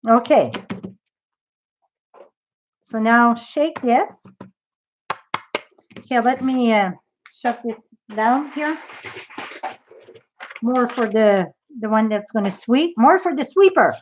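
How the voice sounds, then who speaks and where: A woman's voice: fairly high pitch, animated, slow pace, long pauses, highs cut off, a little hiss or hum. A woman demonstrating a craft project in a live tutorial, chatty and thinking aloud as she works.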